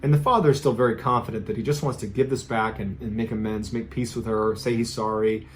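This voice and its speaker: A man's voice: fairly low pitch, steady tone. Man telling a creepy campfire tale. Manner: measured, suspenseful delivery with quoted dialogue. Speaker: storyteller. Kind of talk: scripted horror storytelling.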